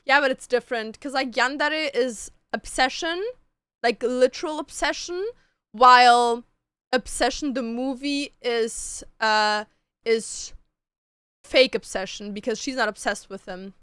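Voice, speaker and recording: A woman's voice: fairly high pitch, a little slow, a bit bright, clean tone, no room sound. A woman streamer chatting casually with her chat, gushing about books and shows and swearing freely. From Canada.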